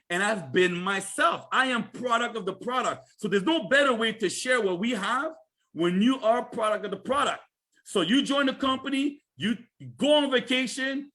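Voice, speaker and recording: A man giving an energetic, chatty sales presentation on a livestream, repeating himself and asking listeners questions. He speaks with a Canadian accent. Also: very high-pitched.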